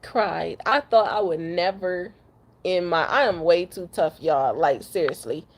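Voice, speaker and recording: A young truck driver from Detroit, having just cried, vents bluntly to the camera in an emotional rant, cussing and repeating herself. Her voice is on the low side and a little slow.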